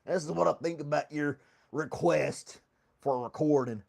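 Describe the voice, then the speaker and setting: Fairly high-pitched and a little mellow, this man's voice is creaky and moves at a normal speed. He hosts a chatty coffee podcast as a casual live stream from a foam-lined home studio, often laughing while he reads chat and speaks to his dog.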